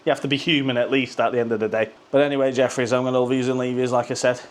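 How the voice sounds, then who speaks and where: A man's voice: mid-range voice, little pitch movement, racing. A man, a football fan vlogger ranting to camera in a sweary, sarcastic, rambling way, hot and sweating. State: sweating from the heat. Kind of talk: ranting casual monologue to camera.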